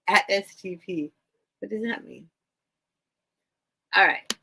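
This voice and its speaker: A woman hosts a live vintage sale in an easy, chatty way, often breaking off to greet viewers or shoo her cat. Her voice is bright and clear, and she takes her time with each item. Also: mid-range voice, slow, long pauses, low-quality recording. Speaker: live sale host selling vintage items. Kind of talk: casual live-stream selling chat.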